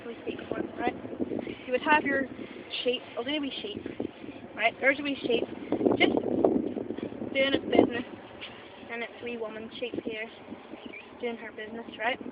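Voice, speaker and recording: A Northern Irish woman playing a mock expert, rambling playfully and tagging "right?" onto her points. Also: fairly high pitch. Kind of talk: improvised mock documentary. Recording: dull lo-fi camera audio with loud background noise.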